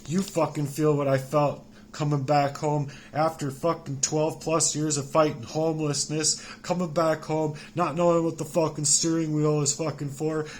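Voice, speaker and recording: Furious swearing man in his forties. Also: a little hiss or hum. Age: 40s. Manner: furious and profane, swinging between shouting and low muttering. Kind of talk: angry personal rant to camera.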